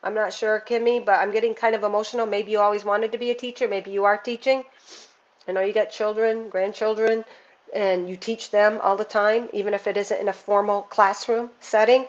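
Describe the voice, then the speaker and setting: A woman's voice: mid-range voice, fairly even intonation, fairly quick, highs cut off. A woman giving a casual, earnest spiritual card reading, talking straight to one viewer in an intuitive way.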